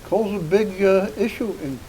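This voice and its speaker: A man's voice: high voice, moderate pace, a little mellow, poor audio. A man co-hosting an energy news show, reading headlines aloud and adding brief casual comments. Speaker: co-host and engineer. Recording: faint hiss.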